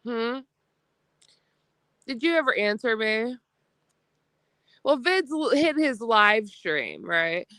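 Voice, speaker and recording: Combative female streamer, nasal, higher voice, dry close sound, swears freely. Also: big pitch swings, slow pace, long pauses, bright, forceful tone, no echo. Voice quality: slightly nasal. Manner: profane, confrontational, mocks others in put-on voices. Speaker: livestream co-host. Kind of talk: combative livestream rant. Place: lying down at home.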